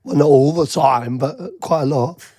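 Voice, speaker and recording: Husky, joking man on a podcast. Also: a little high, normal speed. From England. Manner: joking, teasing banter. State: husky today. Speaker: podcast co-host. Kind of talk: casual chat.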